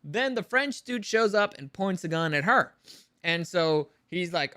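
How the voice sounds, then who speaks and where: A man delivering a ranting review, sarcastic and fed up, with frequent swearing. His voice sits fairly high and sounds bright and forceful. The recording is close and dry. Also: lively intonation, measured pace, no echo. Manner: exasperated, sarcastic, swears freely.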